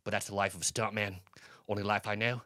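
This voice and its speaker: A man's voice: on the low side, little pitch movement, fast, heavy background noise, natural voice. A man doing a terse, bragging old stuntman. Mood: boastful. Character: boastful weathered male stuntman, worn out.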